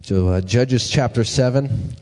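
In a church hall with long reverb, a man with a mid-range, darkish voice preaches unhurriedly. His sermon is casual and conversational, and he poses questions to the congregation.

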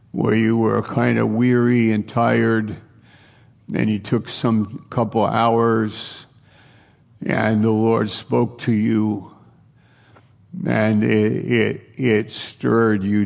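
A man's voice: lowish voice, level tone, takes it slowly, vocal fry, darkish tone. A middle-aged man preaching a sermon as pastor, earnest and building to emphatic exhortation.

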